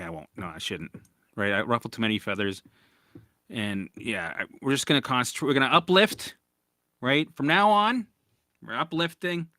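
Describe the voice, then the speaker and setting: In studio-quality audio without room sound, a recovery coach with a mid-range voice runs a relaxed live-stream Q&A. He's blunt and profane, animated, with frequent restarts as he talks.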